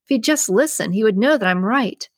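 A woman voicing an excitable, determined young female detective who insists she is right. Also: a little high, a little fast, no echo, clean studio sound. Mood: insistent. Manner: eager and insistent.

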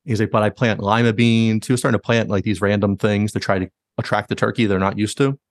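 A man hosts a casual podcast chat, rattling through stories at a brisk clip and leaning on "like". His voice sits on the low side. The sound is close and dry. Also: dry recording. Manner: animated retelling, heavy use of "like". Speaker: podcast host.

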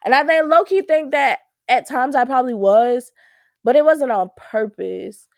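A woman's voice: high voice, moderate pace, gravelly, a little mellow, no echo. A woman, hosting a casual solo talk, candid and slangy with lots of fillers. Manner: chatty and candid, slangy, many fillers and laughs. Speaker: podcast host.

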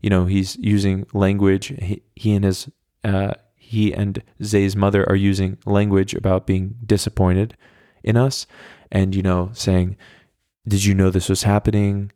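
A man's voice: low-pitched, level tone, a little slow, dark tone, no echo, studio quality. A young man in his twenties hosting a podcast, telling a long story in a rambling, wry way with plenty of swearing. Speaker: podcast host. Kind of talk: casual storytelling monologue.

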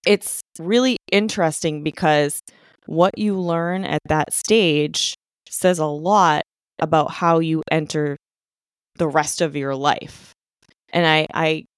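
A woman's voice: on the low side, no room sound, clean studio sound. A woman co-hosting a podcast, explaining ideas step by step and checking in with her listener. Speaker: podcast co-host. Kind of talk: casual conversation.

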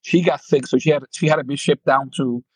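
Guesting in a storytelling interview, a former pro ballplayer in his fifties, Dominican with a New York accent, speaks fairly quickly in a medium-pitched voice with a breathy edge. He tells stories animatedly, acting out quotes and laughing often. No echo, but the recording is rough.

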